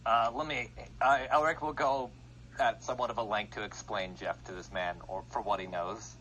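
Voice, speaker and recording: A man's voice: on the low side, steady tone, moderate pace, fairly bright tone, muffled recording. A man playing in a casual tabletop game, jokey and prone to swearing, with faint background noise. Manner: joking, swearing, laughs a lot. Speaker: player.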